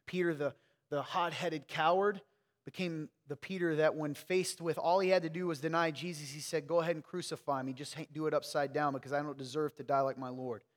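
A man's voice: fairly high pitch, steady tone, a little fast. Preaching man in a reverberant hall. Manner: conversational preaching with rising emphatic peaks and playful sarcasm. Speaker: pastor. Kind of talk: sermon.

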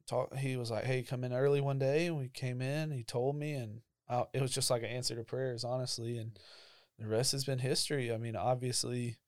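A man's voice: medium pitch, steady tone, a little fast, no room sound, studio quality. A young man, casually telling a personal testimony about his call to ministry, full of fillers and emotion. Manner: conversational storytelling with frequent fillers, emotional. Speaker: church ministry staff member.

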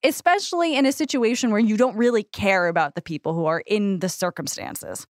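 A woman's voice: medium pitch, a little fast, no room sound, clean studio sound. A woman co-hosting an advice podcast, rambling through jokey metaphors and swearing freely in casual chat. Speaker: podcast co-host.

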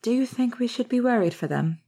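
A woman voicing an awed, fretful young male wizard student who talks in a hushed, half-whispered way. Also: a little high, expressive, a little fast, pitched above the performer's own voice.

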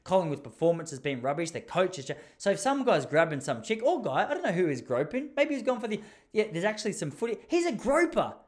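A man's voice: high voice, fast talker. Rambling, jokey Australian man. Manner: rambling, jokey, animated storytelling with laughs. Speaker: podcast host. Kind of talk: casual chat.

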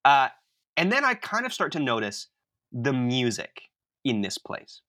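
Lively, bright-voiced man telling comic stories. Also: medium pitch, a little slow. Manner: animated, self-mocking storyteller. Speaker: podcast co-host. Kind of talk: comic storytelling chat.

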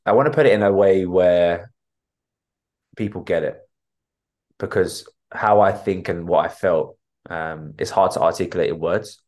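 Deep-voiced man telling his story. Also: moderate pace, long pauses, darkish tone. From North London. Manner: candid, vivid retelling, acts out quoted dialogue. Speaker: podcast guest, coach. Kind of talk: casual interview storytelling.

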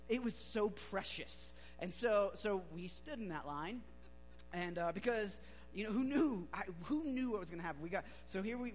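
High-voiced man preaching in a hall. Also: a bit bright. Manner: chatty, joking, loose with many fillers. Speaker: pastor. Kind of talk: sermon with casual storytelling. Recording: reverberant hall, faint hum.

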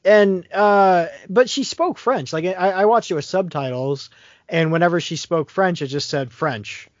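A man talks through a film's plot in a loose, rambling way, full of ums and restarts. His voice sits a bit high for a man. The recording is dry and somewhat dull, with little room sound. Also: unhurried, no echo. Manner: rambling, many fillers and restarts. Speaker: podcast co-host. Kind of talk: casual movie discussion.

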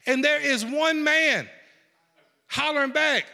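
A man preaching a sermon in a folksy, animated way, swinging from hushed lines to shouts. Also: sits high, unhurried, in a large hall. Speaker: pastor.

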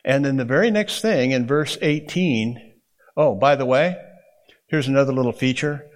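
A man of ordinary pitch teaching a Bible class in a classroom. He explains in a relaxed, conversational way and often turns to the students with "okay?" or "right?". His voice sits in an unremarkable middle range. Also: moderate pace.

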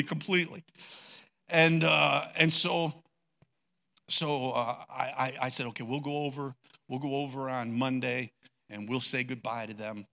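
An older man preaching a sermon, telling a personal story with strong emotion, dropping to a hush and then rising loud. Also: medium pitch, normal speed, vocal fry. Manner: emotional storytelling, swinging between hushed and loud. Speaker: pastor.

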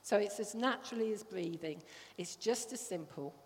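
A woman's voice: medium pitch, normal speed, a little hiss or hum. A woman giving a conversational sermon to a congregation, often checking that they follow. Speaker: church speaker. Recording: long hall reverb.

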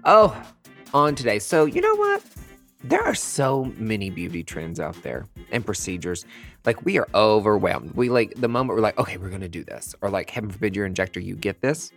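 A man's voice: fairly low pitch, sing-song, fairly quick, gravelly, soft background music. A young man hosting a podcast, talking in a sassy, campy way with big swooping emphasis. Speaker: podcast host and aesthetic provider. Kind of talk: casual monologue.

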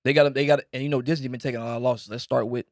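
A man co-hosting a sports podcast, teasing and animated in casual chat. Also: medium pitch, rapid-fire, dry recording, clean studio sound. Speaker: podcast co-host.

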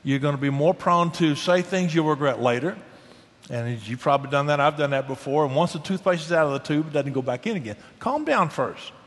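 On a casual Christian talk show, a middle-aged male guest discusses marriage in a fairly high, expressive voice at a brisk clip. His manner is sincere and homespun, with frequent restarts, and the audio carries a long hall reverb.

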